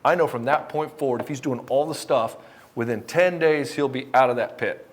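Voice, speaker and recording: A man's voice: mid-range voice, moderate pace, a little hiss or hum. A middle-aged man coaching divorced men, speaking bluntly and passionately with frequent swearing, sometimes acting out both sides of a conversation. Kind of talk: direct-to-camera motivational talk.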